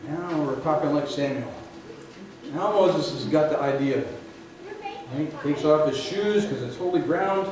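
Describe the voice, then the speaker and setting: A man's voice: a little high, animated. Fervent preacher man in an echoey hall. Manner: storytelling preacher, swings from loud emphatic peaks to quiet, drawn-out endings. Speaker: pastor. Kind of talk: sermon. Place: church sanctuary. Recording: echoey hall, recorded from far off, audible room noise.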